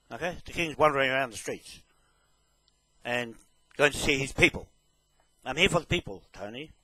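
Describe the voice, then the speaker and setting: A man speaks slowly and deliberately, stressing each point and pausing to ask "okay?". His voice sits a little high and sounds bright and forceful. The sound is dry and close. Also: no echo, poor audio. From New Zealand. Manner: slow, emphatic, repeats "okay?" as a check. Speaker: self-proclaimed land claimant making a public statement. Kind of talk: direct address to camera.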